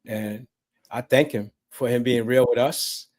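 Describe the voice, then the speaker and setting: A man's voice: medium pitch, steady tone, a little slow, a little mellow. A man giving closing remarks in a prayerful, invoking manner. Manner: prayerful, invocational. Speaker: guest.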